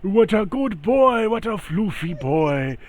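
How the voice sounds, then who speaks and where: Man voicing a doting cat-obsessed guy, high cooing baby talk, fantasy tabletop game. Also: big pitch swings, slow, full character voice. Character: doting cat-loving man gushing over pets.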